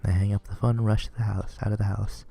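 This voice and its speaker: Deep, gravelly man reading a visual novel. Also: level tone, fast, mellow. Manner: plain, earnest reading with small stumbles. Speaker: reader playing a visual novel.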